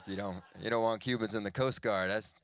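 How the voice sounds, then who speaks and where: A man's voice: on the low side, fairly even intonation, a little fast, a bit bright. A middle-aged man born in Cuba, performing a stand-up comedy set and acting out other people's voices.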